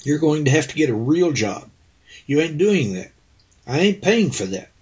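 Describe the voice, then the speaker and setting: Guy putting on his stern old pop, husky, raised a bit higher than his own voice, blunt and folksy. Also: sing-song, moderate pace, darkish tone, exaggerated voice. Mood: doubtful. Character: plain-spoken stern older father, skeptical.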